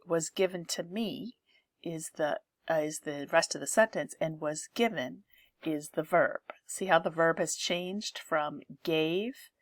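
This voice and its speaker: Woman teacher, lowish voice, very slow and deliberate delivery, dry close sound, grammar-lesson explainer. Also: no room sound. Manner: slow, careful explaining, reading example sentences aloud.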